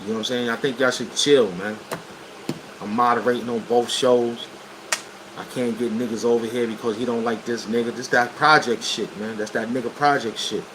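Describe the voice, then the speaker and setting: A man's voice: mid-range voice, fairly even intonation, normal speed. Blunt New York man livestreaming. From Brooklyn, New York. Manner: blunt, street slang, talks straight to viewers. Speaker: livestream host. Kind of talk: casual livestream storytelling. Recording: air conditioner hum behind voice. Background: air conditioning hum.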